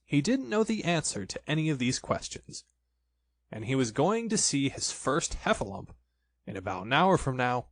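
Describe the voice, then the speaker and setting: A man reads a children's storybook aloud, expressive and playful. His voice rises and falls a lot. The sound is dry and close. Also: mid-range voice, moderate pace, no echo. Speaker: narrator.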